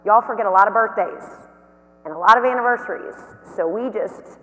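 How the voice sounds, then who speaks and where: A woman giving a motivational keynote talk, telling anecdotes in a lively, storytelling way. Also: medium pitch, fairly quick. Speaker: keynote speaker and company founder. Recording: long hall reverb.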